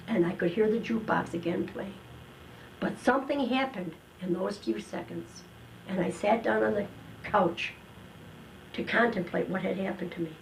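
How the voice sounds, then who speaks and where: An older woman telling her personal testimony in an earnest, emotional way, with slow dramatic pauses. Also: medium pitch, gravelly, darkish tone, slight background noise, rough recording. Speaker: testimony guest.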